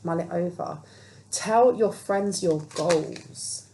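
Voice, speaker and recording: A woman's voice: lowish voice, slow pace, dark tone, slight background noise, low-quality recording. A woman talking earnestly and reassuringly through a spiritual tarot reading, now and then acting out quoted voices. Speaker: tarot reader.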